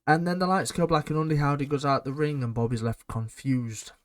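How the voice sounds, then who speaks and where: A man's voice: a little high, fairly even intonation, brisk, dry recording, clean studio sound. A man giving a blunt, sarcastic and rambling casual recap of a wrestling show.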